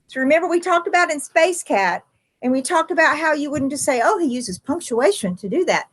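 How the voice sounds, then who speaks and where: A woman teacher giving a recorded writing lesson, thinking aloud with frequent ums and self-corrections, slowing down to stress key words. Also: high voice, animated.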